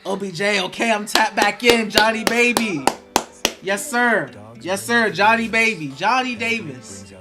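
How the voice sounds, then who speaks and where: A man's voice: high voice, expressive, a little slow, over music. A man hosting a live draft watch party, restless and nervous, chatting with viewers and reading their comments aloud. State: nervous and excited. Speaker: live stream host.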